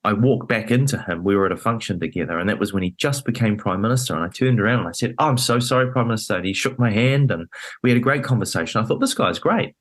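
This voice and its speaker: In a relaxed political conversation, a man with a fairly low voice talks as a podcast guest. He wanders through his thoughts with plenty of "you know" and "um", then drives home his points with force. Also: fast. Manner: rambling, with many fillers. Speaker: podcast guest and election candidate.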